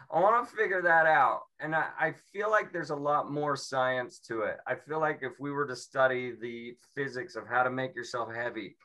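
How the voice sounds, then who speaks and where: Bright-voiced rambling comedian man. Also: medium pitch, fairly even intonation, moderate pace. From Seattle. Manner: rambling, self-mocking, breaks into mimicry. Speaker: stand-up comedian. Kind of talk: stand-up comedy set.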